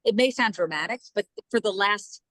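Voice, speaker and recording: A woman from New Jersey, a news journalist and podcast guest, telling stories in a casual chat and acting out the quotes with lively voices. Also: mid-range voice, normal speed, dry recording, poor audio. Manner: animated, acts out quoted dialogue in lively voices.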